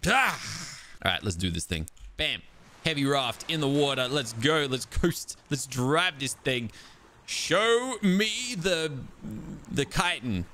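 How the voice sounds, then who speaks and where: A young man giving excitable let's-play commentary as he plays a survival game, chatting to his tamed creatures and breaking into exasperated outbursts. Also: medium pitch, moderate pace. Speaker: gaming video host. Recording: game music playing behind.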